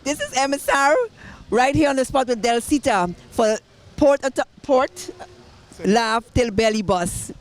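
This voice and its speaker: A woman's voice: on the high side, measured pace, a little hiss or hum. A woman TV reporter doing an upbeat, chatty on-the-spot interview.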